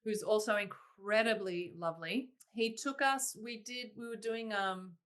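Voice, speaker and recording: Bright-voiced woman telling stories. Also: mid-range voice, unhurried, clear, resonant tone. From Australia. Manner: animated, laughing, quoting herself in exclaimed asides. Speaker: guest, singer-songwriter. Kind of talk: casual interview storytelling.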